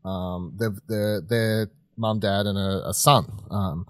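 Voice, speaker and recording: A man's voice: on the low side, slow pace, few pauses, dry recording. Casual male co-host, dry close sound, loose rambly delivery with plenty of swearing and laughs. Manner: rambling, restarts, swears freely; laughs often while telling stories. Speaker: podcast co-host. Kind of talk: casual chat reviewing films.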